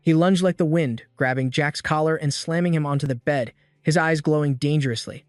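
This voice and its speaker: Male recap narrator, higher voice, dry close sound, even steady delivery. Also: brisk, no room sound, soft background music. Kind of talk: scripted story narration.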